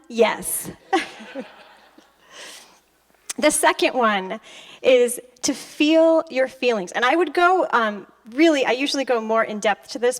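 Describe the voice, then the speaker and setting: High-voiced woman telling stories on stage. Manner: animated storyteller who acts out conversations and laughs often. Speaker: motivational speaker and author. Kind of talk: motivational stage talk with personal stories. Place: stage at an expo.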